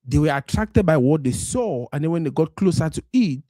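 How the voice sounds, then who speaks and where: A man's voice: fairly high pitch, expressive, a little fast, mellow, no room sound, clean studio sound. A man from Cameroon with a Cameroonian Pidgin English accent, hosting a live stream in a casual monologue that slides between Pidgin and English. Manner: mixes Pidgin and English, acts out quoted voices.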